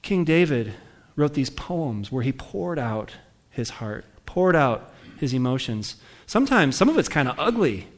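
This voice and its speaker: A male pastor delivers a sermon in a relaxed, conversational manner. He puts questions to the congregation and leans into the scripture he reads aloud, his voice lifting on the verses. His pitch sits in a middle range for a man. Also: unhurried.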